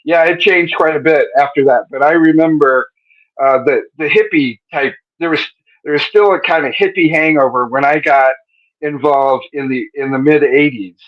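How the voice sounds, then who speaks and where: A man with a fairly high voice hosts a live-stream interview over a video call, joking and rambling as he goes. The audio is dull and lo-fi. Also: moderate pace. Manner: joking, rambling, self-correcting. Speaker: interview host.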